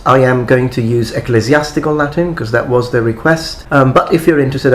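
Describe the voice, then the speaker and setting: A man's voice: medium pitch, slight background noise. A man giving a language lesson on his channel, explaining pronunciation carefully and modeling words for the listener to repeat. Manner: careful, deliberate pronunciation drills. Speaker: language tutor.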